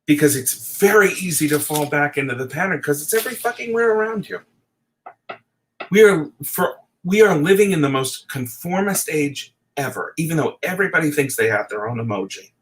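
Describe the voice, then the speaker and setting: A man's voice: fairly high pitch, expressive, brisk, fairly bright tone, rough recording. A middle-aged man delivering an impassioned, profane late-night rant, at times teary. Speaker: video essayist.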